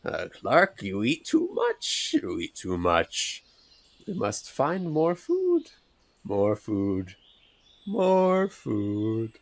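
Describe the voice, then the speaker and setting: A man's voice: low voice, animated, drawn-out words, gravelly, fairly bright tone, exaggerated voice. A man voicing an enigmatic, shambling hermit hunter who mutters cryptic lines. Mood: scolding.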